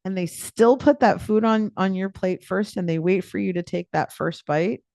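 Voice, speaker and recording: A woman coach talks through a live online session in a loose, playful, chatty way, full of fillers and asides. Her voice sits at a middle pitch for a woman. The sound is dry and close, with no room echo. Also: normal speed, creaky, darkish tone. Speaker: life coach.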